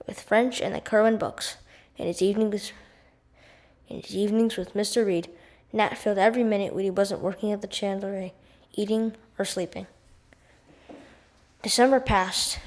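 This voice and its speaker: A woman reading a chapter book aloud at a careful, steady pace, now and then going back over a word. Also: medium pitch, normal speed, long pauses. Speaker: audiobook reader. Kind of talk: read-aloud storybook narration.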